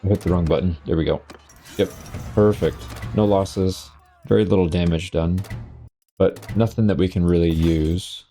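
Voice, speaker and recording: Low, mellow-voiced man narrating gameplay. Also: normal speed, soft background music. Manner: relaxed, wry running commentary on his own play. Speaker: gameplay commentator. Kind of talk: casual let's-play commentary.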